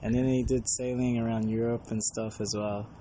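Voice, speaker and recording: A man's voice: mid-range voice, little pitch movement, normal speed, noisy background. A man, a traveling monk, casually telling travel anecdotes and acting out bits of dialogue. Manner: chatty, acts out dialogue in anecdotes.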